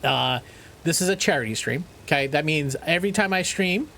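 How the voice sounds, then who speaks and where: A man's voice: a little high, brisk, creaky, slight background noise. A man streaming a game live, joking and swearing with his chat and reading out trivia questions between bits of play. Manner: animated, profane, joking with chat; reads trivia questions aloud.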